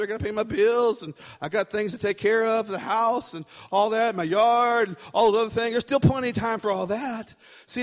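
A man preaching as pastor in a church, animated and emphatic, repeating his points. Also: extremely high pitch, long reverb tail. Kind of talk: sermon.

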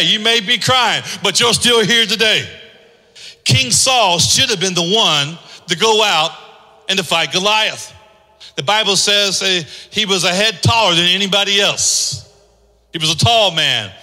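Emphatic male pastor, repetitive sermon delivery; very bright tone, reverberant church hall. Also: high voice. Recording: echoey hall.

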